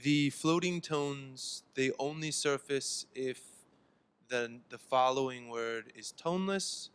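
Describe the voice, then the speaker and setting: A man in the audience asks a question at an academic talk. His voice is smooth and resonant, and he phrases things tentatively and politely, ready to apologize. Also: mid-range voice, slow, fairly bright tone. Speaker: audience member asking a question. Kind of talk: academic conference Q&A.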